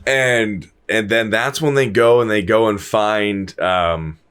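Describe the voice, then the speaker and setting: A man's voice: on the low side, animated, unhurried, fairly bright tone, clear, resonant tone. A man casually retelling a film plot as a podcast host, acting out the characters' lines and swearing freely. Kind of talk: casual spoiler chat.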